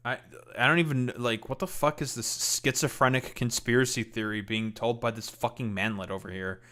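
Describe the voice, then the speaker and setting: A man's voice: medium pitch, fairly even intonation, normal speed, bright, forceful tone. A man hosting a live stream, reacting to a clip with mocking, heated commentary full of swearing. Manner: mocking, heated, profane, with laughs. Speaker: streamer host.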